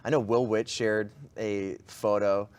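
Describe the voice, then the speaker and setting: A man's voice: on the low side, fairly even intonation, a little slow, a little mellow, clear, resonant tone. A man hosting a studio talk show, chatting casually and laughing often. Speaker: show host. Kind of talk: casual political chat.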